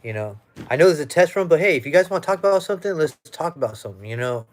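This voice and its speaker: A man's voice: fairly high pitch, lively intonation, rapid-fire. Chatty man doing a casual live stream. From United States. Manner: chatty, loose, reads out viewer comments. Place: at home. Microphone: webcam or phone.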